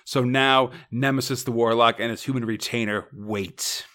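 A man's voice: mid-range voice, steady tone, moderate pace, pushed and bright. A man co-hosting a podcast, recapping comic stories in a casual way with playful asides. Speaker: podcast co-host.

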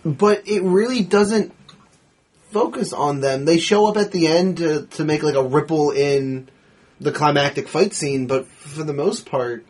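A man's voice: a little high, measured pace. A man in casual movie talk, walking through the plot in long rambling runs.

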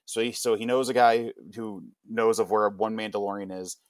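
Man, young adult, low pitch, dry sound, casual rambling podcast chat, eager. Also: normal speed, no room sound. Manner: excited rambling recap, heavy with "like". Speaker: podcast co-host. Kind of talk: casual pop-culture chat.

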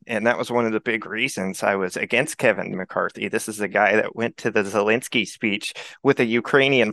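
A man hosting a political talk show, speaking in a steady, level manner. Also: on the low side, vocal fry, no room sound. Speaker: host.

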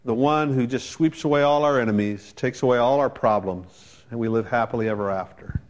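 A man's voice: mid-range voice, a little fast, highs cut off. A man preaching a sermon as a pastor, telling a personal story in a conversational way with wry asides.

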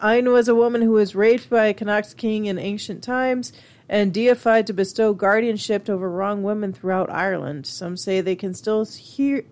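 A woman's voice: mid-range voice, a little mellow. A woman casually reading fairy lore aloud, giggling and riffing with swearing between passages. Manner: giggly, reads then riffs with swearing.

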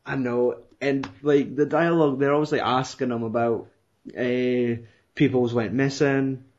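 A man's voice: mid-range voice, level tone, measured pace, darkish tone. A young man rambling, swearing and laughing as he retells a film in casual chat. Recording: dull lo-fi recording.

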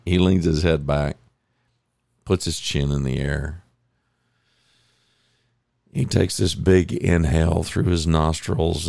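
A man's voice: vocal fry, dry recording, clean studio sound. A middle-aged man in a reflective monologue, telling coaching stories with emphatic, rising stresses. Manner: emphatic, builds to higher excited peaks. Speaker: speaker sharing coaching stories.

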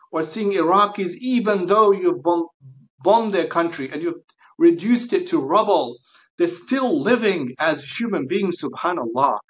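A man speaking as a guest scholar on a podcast, earnest and halting, often repeating and restarting words. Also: high-pitched, muffled recording. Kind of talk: podcast interview discussion.

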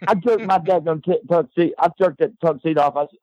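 An older man, a guest and former wrestling manager, telling lively anecdotes and often ending his lines with "man". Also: on the high side, fast, no room sound, lo-fi sound.

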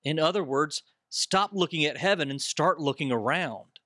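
A man's voice: a little high, expressive, normal speed, a bit bright, no echo, studio quality. A man speaking earnestly, almost like a preacher, as a panelist in a bible study discussion.

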